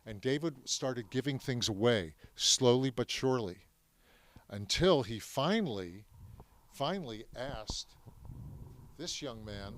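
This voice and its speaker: A man's voice: medium pitch, lively intonation, takes it slowly. Man giving an emphatic classroom talk. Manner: emphatic, addresses the audience with questions. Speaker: speaker telling his family's story to students.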